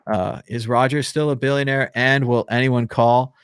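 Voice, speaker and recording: A man's voice: mid-range voice, fairly even intonation, normal speed, smooth, no echo, clean studio sound. A man hosting a live call-in show, chatting casually, joking and laughing between rambling remarks. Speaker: show host.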